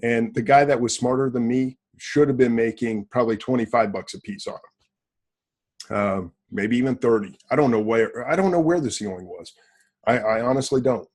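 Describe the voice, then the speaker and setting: Blunt, boastful man with a husky voice. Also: medium pitch, fairly quick, darkish tone. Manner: blunt, boastful, rhetorical questions. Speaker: podcast host. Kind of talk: casual business podcast talk.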